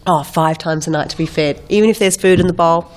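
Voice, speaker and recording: Chatty Australian woman with a cold. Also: on the low side. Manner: chatty, animated storytelling with quick impressions. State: getting over a head cold. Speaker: guest actress. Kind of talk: casual chat.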